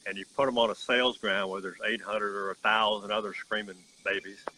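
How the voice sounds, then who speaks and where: A man who owns a horse farm tells his story in an earnest, folksy way, stopping to restart now and then. His voice sits a little low but sounds bright and forward. Faint outdoor noise and insects hum behind him. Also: little pitch movement, fairly quick, rough recording. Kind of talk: casual storytelling testimonial.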